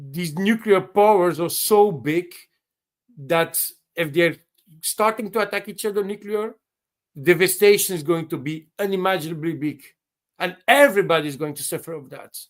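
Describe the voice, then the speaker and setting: Halting, slightly high-voiced man on a call. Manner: halting, frequent restarts and repeated words; blunt, swears for emphasis. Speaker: caller on a live open-mic show. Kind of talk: casual spoken opinion on current events. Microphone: video call.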